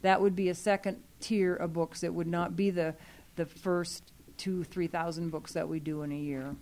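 A woman's voice: lowish voice, fairly even intonation, moderate pace, a little mellow. Earnest woman explaining at a meeting. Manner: earnest, explanatory, many fillers. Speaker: library program staff speaking to a user group. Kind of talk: meeting discussion.

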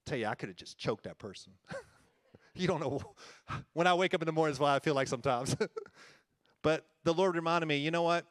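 A man's voice: medium pitch, fairly bright tone, no echo, studio quality. A man preaching a conversational sermon as a church-planting pastor, earnest and folksy, often chuckling and repeating himself.

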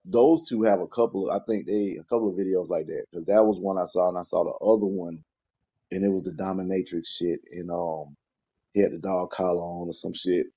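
Deep husky Southern man, low-key. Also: steady tone, fairly quick, mellow. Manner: low-key, mumbled, crude slang. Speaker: podcast co-host. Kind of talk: casual storytelling chat.

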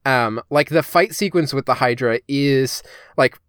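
Brief: male podcast co-host, smooth resonant voice, dry close sound, rambling casual chat. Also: medium pitch, a little slow, fairly bright tone, no room sound. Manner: chatty, heavy use of "like" and "um". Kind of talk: casual discussion.

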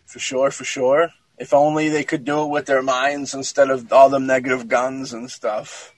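A man's voice: medium pitch, little pitch movement, moderate pace, no echo, rough recording. A man hosting a podcast, chatting loosely about a film and restarting his sentences often. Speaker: podcast host. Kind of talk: casual film commentary chat.

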